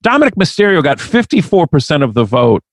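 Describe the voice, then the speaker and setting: A man's voice: a little high, very animated, a little fast, creaky, no echo, studio quality. Profane, sarcastic man on a podcast. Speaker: podcast co-host. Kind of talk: casual chat.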